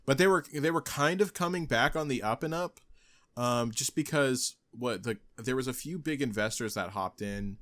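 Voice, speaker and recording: A man co-hosting a casual podcast, talking hesitantly with many pauses and restarts. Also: medium pitch, a bit bright. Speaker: podcast co-host. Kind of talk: casual chat.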